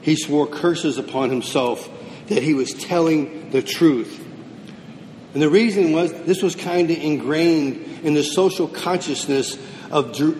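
A man preaches a sermon, posing questions and then answering them himself. The recording has a roomy hall's long echo and a faint rumble underneath.

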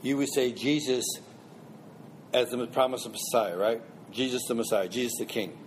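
A man's voice: mid-range voice, steady tone, normal speed, a little hiss or hum. A man teaching a Bible class in a conversational way, asking the class questions and repeating points for emphasis.

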